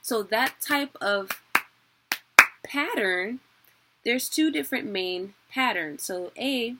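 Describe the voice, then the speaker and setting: A woman's voice: medium pitch, animated, takes it slowly, a bit bright. A young woman giving a casual, chatty online lesson, laughing at herself as she explains. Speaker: teacher.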